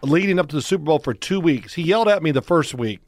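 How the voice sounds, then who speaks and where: A man's voice: on the high side, expressive, fast, no room sound. A man in his sixties, a former quarterback and studio guest, telling rambling, folksy stories and acting out what others said. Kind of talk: casual storytelling chat. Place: podcast studio.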